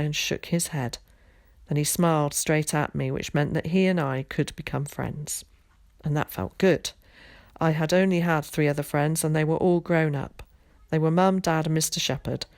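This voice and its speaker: A woman's voice: low-pitched, darkish tone, no room sound, studio quality. Woman teacher reading a story aloud. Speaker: primary school teacher. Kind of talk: reading a children's novel aloud.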